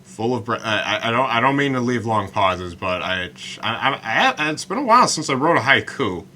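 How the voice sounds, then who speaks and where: A man hosting a solo podcast about writing poetry, talking in a halting way with many stammered restarts and slowing down to recite his lines. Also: medium pitch, big pitch swings, pushed and bright, a little hiss or hum. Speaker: podcast host.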